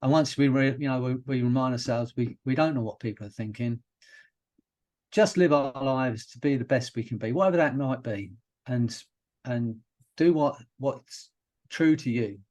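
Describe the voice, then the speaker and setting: A British hypnotherapist telling stories in a relaxed, rambling way, often restarting his sentences as a podcast guest. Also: medium pitch, normal speed. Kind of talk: casual interview chat.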